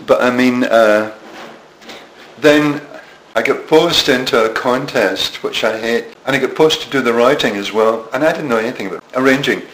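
A man's voice: mid-range voice, moderate pace, a bit bright. A Scottish man in his seventies telling self-mocking anecdotes in an interview, with frequent restarts. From Scotland. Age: 70s. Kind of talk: storytelling interview. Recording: echoey room with faint noise.

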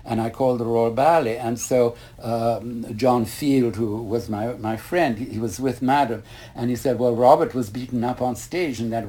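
Older man, interviewee, mellow, rambling anecdotal storyteller full of asides. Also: medium pitch, normal speed, breathy edge. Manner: rambling anecdotal, quotes others, many asides. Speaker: interviewee, retired ballet master.

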